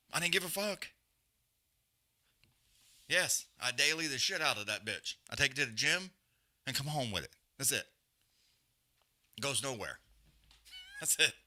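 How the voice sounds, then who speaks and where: A man hosting a live-stream podcast rants bluntly in a fairly high, pushed, bright voice. His profane tirade features constant swearing and emphatic repetition.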